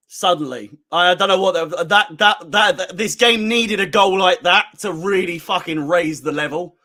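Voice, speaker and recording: A hoarse man, hosting a live match watchalong for a fan channel, swearing heavily and swinging between low muttering and screaming. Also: moderate pace, few pauses, pushed and bright.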